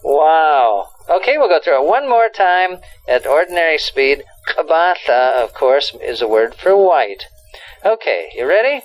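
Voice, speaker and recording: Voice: medium pitch, big pitch swings, a little slow, faint music behind, rough recording. A language teacher leading a lesson, explaining words and prompting the learner along.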